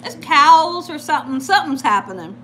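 A woman's voice: high-pitched, fairly quick, a little hiss or hum. A woman hosting a live cooking stream from home, chatting casually and telling stories with frequent laughter. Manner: animated, laughs often while telling stories. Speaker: cooking channel host.

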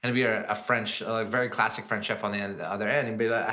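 Bright-voiced man telling chef stories. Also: on the low side, quick pace. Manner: animated, slips into lively acted-out voices in his stories. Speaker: guest chef and entrepreneur. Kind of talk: casual storytelling interview.

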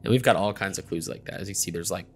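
A man's voice: low voice, quick pace, slight background noise. A young man hosting a gameplay video, chatting casually with many ums and you-knows.

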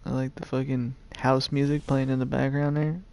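Gravelly laid-back male streamer. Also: medium pitch, level tone, moderate pace, a little mellow. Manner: laid-back, swears a lot, laughs often. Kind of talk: casual gaming chat.

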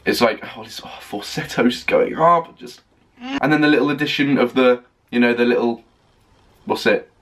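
A man reacting to an album on a first listen, gushing and excitable, stopping often to rave about what he hears. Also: medium pitch, normal speed. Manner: gushing, excitable, full of "oh my God" and "like". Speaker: music reaction vlogger. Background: faint music playing.

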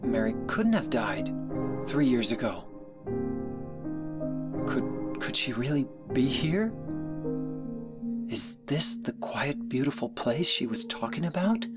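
A man voicing a weary, subdued adult man searching for his wife in a video game, speaking in quiet, halting, bewildered lines. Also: mid-range voice, expressive. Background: loud game music.

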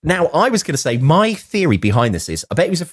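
A man's voice: a little high, sing-song, fast talker, husky. A man co-hosting a casual film podcast, rambling and joking, laughing often and trying out voices. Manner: jokey, laughing, rambling, tries impressions. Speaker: podcast co-host.

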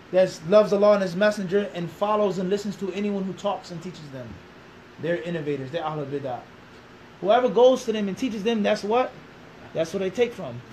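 In a rough recording with a little hiss or hum, a man with a high voice speaks. He's a Philadelphia-accented Islamic teacher in his thirties from Philadelphia, USA, being interviewed, though it turns into a lecture of rhetorical questions for the room and points made again and again.

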